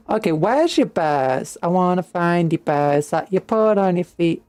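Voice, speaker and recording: A woman's voice: on the low side, lively intonation, unhurried, hardly any pauses, darkish tone, no room sound, soft background music. A woman from Britain streaming a strategy game, chatting playfully and humming to herself.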